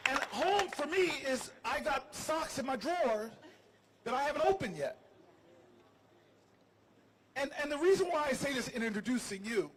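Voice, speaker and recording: With long pauses at a moderate pace, a man with a very high-pitched voice tells a crowd outside on building steps a humorous story that pokes fun at himself. He's a politician hosting a livestream, animated and jokey, and the recording quality is low.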